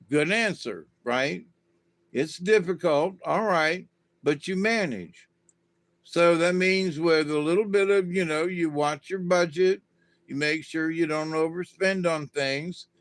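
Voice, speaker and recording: A man's voice: fairly high pitch, unhurried, a bit bright, no room sound. A man giving a casual, rambling monologue to his viewers in a folksy manner, full of "you know" asides. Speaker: vlogger.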